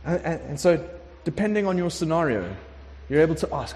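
A man preaching a conversational sermon, emphatic and lively, sometimes acting out prayers. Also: fairly high pitch, a little fast, slight background noise. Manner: conversational, emphatic, acts out prayers in shifting voices. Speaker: pastor. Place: warm room with congregation. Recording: long hall reverb.

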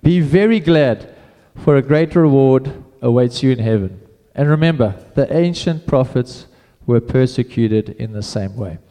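Man, preacher, mellow voice, conversational sermon, reverberant hall. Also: medium pitch, normal speed, hardly any pauses. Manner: casual, conversational preaching with repeated restarts.

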